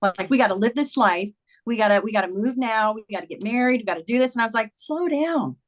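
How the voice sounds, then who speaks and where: A woman's voice: fairly high pitch, quick pace. Earnest woman telling a personal story. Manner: earnest, animated retelling with quoted dialogue. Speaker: guest, memoir author. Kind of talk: conversational storytelling.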